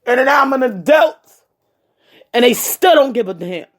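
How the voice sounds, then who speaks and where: A woman's voice: high-pitched, expressive, moderate pace. A woman giving a heartfelt personal talk, speaking directly to her listeners and repeating her points with emphasis. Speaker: personal storyteller addressing viewers.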